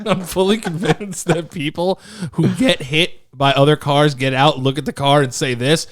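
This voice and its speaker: Laid-back swearing podcast co-host. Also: male voice, a little high, steady tone, normal speed, dry recording, clean studio sound. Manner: laid-back, profane, chiming in and reacting. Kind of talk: casual chat.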